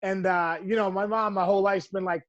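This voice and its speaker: A man in his forties with a high, bright voice tells baseball stories on a podcast, animated and laughing, acting out quoted lines. The sound is close and dry, with no room around it. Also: brisk, no echo, dull audio. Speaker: podcast guest, former pro ballplayer. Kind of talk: casual storytelling chat.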